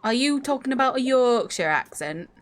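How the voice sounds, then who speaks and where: A woman's voice: a little high, animated, moderate pace, faint music behind. A young woman streaming a game, chatting cheekily with her viewers and swearing freely. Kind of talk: casual gameplay commentary.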